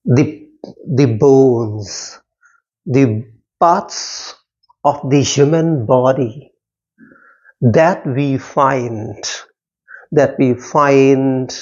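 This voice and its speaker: A man teaching a poetry lesson, slowly repeating words and sounding out stressed and unstressed syllables. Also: medium pitch, a little mellow. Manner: slow, repetitive, stressing syllables aloud. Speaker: English literature teacher. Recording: dull lo-fi sound.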